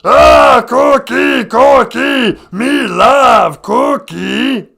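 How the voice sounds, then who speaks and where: A man doing a loud, gravelly impression of a ravenous male monster who talks in broken, grunting speech. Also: very high-pitched, drawn-out words, voice pushed up, heavily acted. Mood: gleeful shouting.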